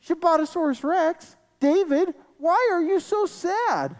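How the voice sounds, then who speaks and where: Indignant old moses, as a storyteller puts him on, pitched up high, echoey hall. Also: measured pace. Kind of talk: children's story narration.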